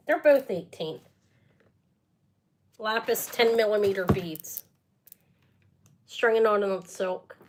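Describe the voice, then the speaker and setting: A middle-aged woman with a high-leaning voice sells jewelry on a live stream, with a little hiss or hum in the audio. Her casual sales chat rambles, punctuated by muttered asides.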